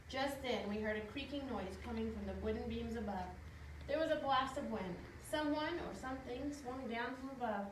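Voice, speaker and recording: A woman reading a children's storybook aloud in a lively, expressive way. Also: on the high side, moderate pace. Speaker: reader. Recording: echoey room, distant mic, faint noise.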